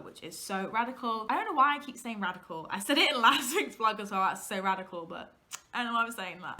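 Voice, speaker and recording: A woman's voice: medium pitch, sharp tone. A young woman in her late teens from England, chatting to camera in a rambling way, a little out of breath, from her home kitchen. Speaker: vlogger. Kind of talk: casual chat.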